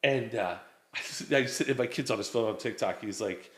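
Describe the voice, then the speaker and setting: Heard in an echoey room, a fairly quick man with a lowish, slightly bright voice rambles through family stories as a guest in casual conversation. He's in his forties and acts out the quotes as he goes.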